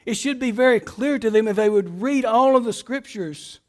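A man with a strikingly high voice delivers a sermon as a pastor. He reads scripture passages aloud and explains them emphatically, posing rhetorical questions. His phrases often sink to a hushed close. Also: normal speed, hardly any pauses.

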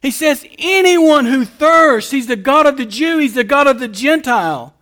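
This pastor has an unusually high voice and preaches a sermon with emphasis. His delivery is expressive and a little fast, moving between quiet explanation and loud, drawn-out calls.

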